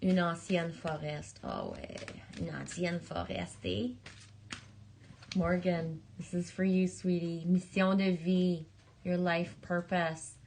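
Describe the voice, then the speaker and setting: A woman's voice: lowish voice, expressive, takes it slowly, a little mellow, slight background noise. A woman live streamer chatting casually, laughing often as she greets viewers and pulls oracle cards.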